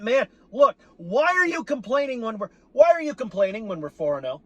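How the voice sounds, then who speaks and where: A man's voice: very high voice, sing-song, measured pace, long pauses, a bit bright, dry recording, lo-fi sound. A man venting in a profane, exasperated monologue about his team, sarcastic and repeating himself for emphasis. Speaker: sports fan vlogger.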